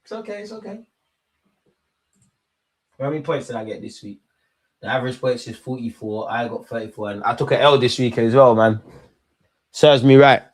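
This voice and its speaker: A man's voice: medium pitch, lively intonation, moderate pace, long pauses. A man hosting a live football watch-along stream, chatting loosely and bantering with his viewers in slangy speech.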